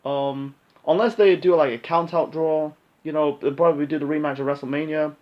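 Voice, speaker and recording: Rambling man with a slightly high voice. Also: fairly even intonation, a little fast, lo-fi sound. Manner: rambling, many fillers and restarts; blunt, occasionally swears. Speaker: wrestling pay-per-view predictions host. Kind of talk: casual solo commentary.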